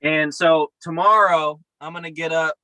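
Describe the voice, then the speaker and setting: A man's voice: a little high, fairly even intonation, moderate pace, pushed and bright, no room sound, poor audio. A man co-hosting a podcast over a video call from his camper, talking in a profane, upbeat, rambling way. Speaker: podcast co-host. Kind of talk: casual chat. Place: camper by a river outdoors.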